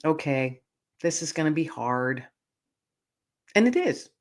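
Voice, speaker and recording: A woman's voice: sits low, sing-song, slow. A woman hosting a podcast, tearful and earnest as she tells a personal story and speaks directly to her listeners. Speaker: podcast host.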